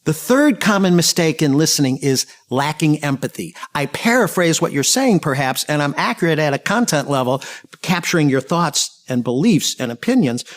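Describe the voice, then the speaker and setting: A man with a slightly higher voice delivers a training talk on listening skills. He tells anecdotes with a humorous touch and keeps his asides lively. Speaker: communication trainer.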